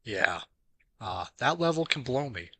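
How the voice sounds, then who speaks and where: A young man hosting a gaming channel, calmly recapping his trophy hunt, then ranting and swearing angrily at the game's controls. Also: medium pitch, unhurried, breathy edge, no room sound, low-quality recording. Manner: swears heavily and rants when frustrated; calm, dry recap narration. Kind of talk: recapping gameplay with a raging clip.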